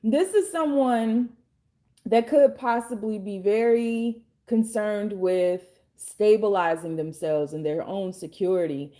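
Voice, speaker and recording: Hoarse chatty woman reading tarot. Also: mid-range voice, slow pace, mellow. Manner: chatty, blunt, swears casually. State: hoarse, losing her voice. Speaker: tarot reader and life coach.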